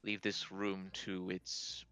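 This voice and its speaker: A man's voice: deep voice, completely flat delivery, slow, bright, forceful tone, clear, resonant tone, no echo, faint music behind, pitched below the performer's own voice, exaggerated voice. A man voicing a smug male villain who mocks and brushes things off in a tabletop game.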